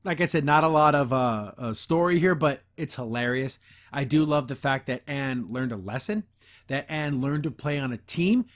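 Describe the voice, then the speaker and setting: A man's voice: mid-range voice, moderate pace. A man hosting a podcast, giving a casual, rambling episode review full of enthusiasm and frequent laughs. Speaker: podcast host.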